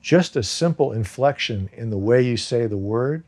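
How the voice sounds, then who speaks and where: A man's voice: medium pitch, animated, moderate pace, a little mellow. A man whose first language was Farsi, talking casually as an actor being interviewed, rambling with many restarts. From United States.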